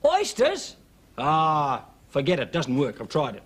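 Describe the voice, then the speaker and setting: A man's voice: on the high side, wildly swooping pitch, measured pace, breathy edge, full character voice. An actor playing a dim, boastful, bumbling middle-aged Australian man, blurting out and stammering in a studio sitcom. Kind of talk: 1980s studio sitcom acting.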